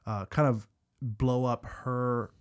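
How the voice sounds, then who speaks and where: A man's voice: mid-range voice, fairly even intonation, takes it slowly, smooth. A man co-hosting a casual podcast, talking in rambling stretches with stammered restarts. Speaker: podcast co-host.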